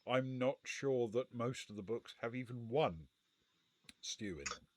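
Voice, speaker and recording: A man's voice: mid-range voice, lively intonation, measured pace, no echo. A man co-hosting a casual live gamebook play-through, reading passages aloud and weighing the choices with dry understatement.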